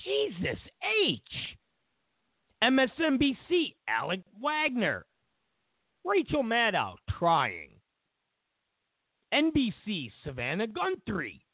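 A man hosting a political talk show, his high voice gravelly and swinging widely in pitch as he hammers home points in repeated lists with sarcastic asides. He speaks slowly and deliberately. The sound is tinny and phone-like. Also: wildly swooping pitch, no room sound. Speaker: political commentary host. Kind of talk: opinionated political monologue.

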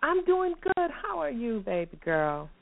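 A woman's voice: a little high, big pitch swings, unhurried, creaky. A woman hosting a radio show in casual chat, bubbly and playful, laughing often. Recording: phone-like narrow radio sound.

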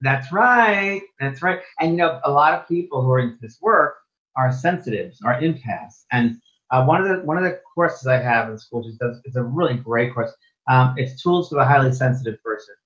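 A man speaks as a guest in a casual interview, explaining his spiritual work earnestly. He often repeats or restarts a phrase before going on. His voice sits at a middling pitch, and the recording sounds dull and lo-fi. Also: lively intonation, normal speed, fairly bright tone.

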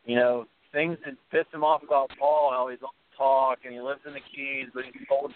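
A man hosting a podcast, recapping a TV show in casual, rambling talk full of restarts. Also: medium pitch. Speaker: podcast host. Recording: tinny phone-line audio.

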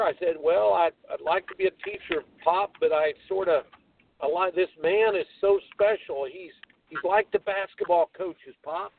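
Older male coach, Midwestern-raised, animated phone-in storyteller, highish voice on a tinny distant line. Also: normal speed, creaky. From American Midwest. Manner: animated storyteller, acts out quoted voices, laughs. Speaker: guest tennis coach. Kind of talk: storytelling on a radio talk show.

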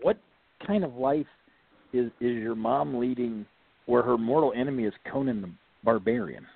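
A man's voice: mid-range voice, normal speed, creaky, slightly rough. A man co-hosting a talk radio show, questioning the host in a jokey, disbelieving way. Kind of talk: casual talk radio banter. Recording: tinny phone-like sound, dry.

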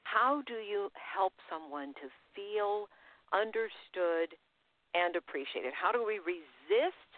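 Show host, mid pitch, warm-hearted affirming manner, phone-line quality. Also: lively intonation, slow, no echo. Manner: enthusiastic, affirming, laughs often. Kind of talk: interview hosting. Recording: dry, tinny phone-like line.

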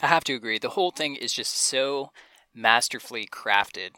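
A man's voice: medium pitch, animated, normal speed, sharp tone, no room sound. A man co-hosting a podcast, chatting enthusiastically and reading out quotes with playful voices. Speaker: podcast co-host. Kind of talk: casual chat.

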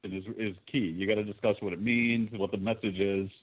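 A man co-hosting a podcast, tossing out dry, deadpan crude wisecracks. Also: fairly low pitch, brisk. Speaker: podcast co-host. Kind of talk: crude casual banter. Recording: tinny phone-like sound.

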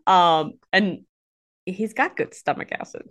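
A woman's voice: lowish voice, expressive, a little slow. A woman who is a vet, chatting casually and expressively, mimicking people she talks about. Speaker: veterinarian guest. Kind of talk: casual chat.

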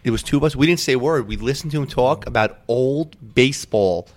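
A male podcast host with an ordinary middle pitch chats casually. He rambles eagerly and strings his thoughts together with "like" and quick asides. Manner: enthusiastic, rambling. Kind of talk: casual chat.

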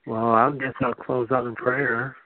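A soft-spoken man giving an informal teaching and hosting, talking haltingly with frequent restarts. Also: medium pitch, little pitch movement, dry recording. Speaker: teacher and host. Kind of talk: informal teaching over a phone line. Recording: tinny phone line.

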